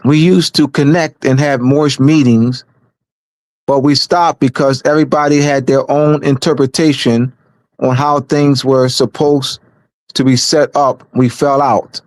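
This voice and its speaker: A man's voice: mid-range voice, steady tone, unhurried, no echo. A man speaking on a community livestream in a casual, emphatic way, repeating phrases for stress.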